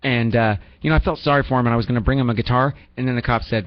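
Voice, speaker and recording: A man's voice: medium pitch, racing, no room sound. A man hosting a call-in radio show, rambling and teasing his callers with self-mocking jokes. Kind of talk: joking call-in radio banter. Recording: dull lo-fi radio recording with faint music.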